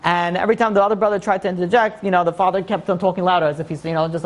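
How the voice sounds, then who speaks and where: A man giving a sermon as a rabbi, telling a story in an animated way and acting out the voices of its characters. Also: high-pitched, racing.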